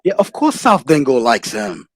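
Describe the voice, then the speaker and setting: A man hosting a casual livestream chat, animated and laughing often. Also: medium pitch, normal speed. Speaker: livestream host.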